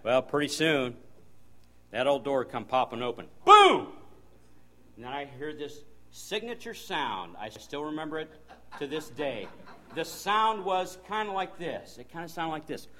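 A man preaching as a guest preacher, folksy storytelling with sudden loud bursts. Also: fairly high pitch, lively intonation, moderate pace. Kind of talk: sermon.

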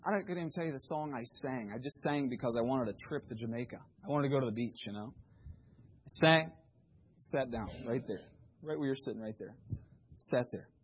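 A man's voice: mid-range voice, normal speed, slight background noise, low-quality recording. A man preaching a sermon, telling a story with humor and animation.

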